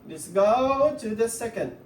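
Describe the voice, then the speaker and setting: A woman's voice: on the high side, lively intonation, a little slow, darkish tone, echoey room, recorded from a distance, a little hiss or hum. A woman teaching an English grammar lesson, patiently repeating words to drill the stress.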